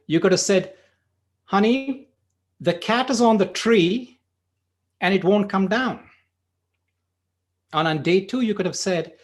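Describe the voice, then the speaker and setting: A man's voice: high-pitched, pitched above the performer's own voice. A woman patiently explains to her boyfriend how he should have broken bad news, as a man puts on her voice. The voice sits well above his usual register and lingers on the important words. It is an anecdote told aloud in a workshop. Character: upset woman gently lecturing her boyfriend.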